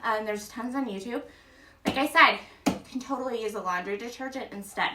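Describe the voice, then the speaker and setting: A woman's voice: fairly high pitch, fairly quick, background noise. A woman, a mom, leading a casual home workout at home, chatty and upbeat, counting reps aloud. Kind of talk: casual exercise instruction. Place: room at home. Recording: echoey room, voice heard from a distance.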